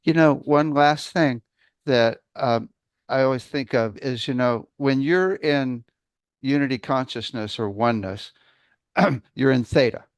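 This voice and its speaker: A man with a smooth, resonant voice, recorded dry and close. He speaks in a relaxed way, thinking aloud and working through his ideas as he goes. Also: mid-range voice, a little slow, no room sound. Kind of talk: conversational interview.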